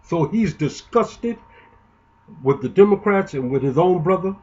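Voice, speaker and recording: A man's voice: sits high, animated, measured pace, a little mellow, dull audio. A man giving an indignant, emotional, rambling political monologue, often restarting his sentences. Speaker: political commentator.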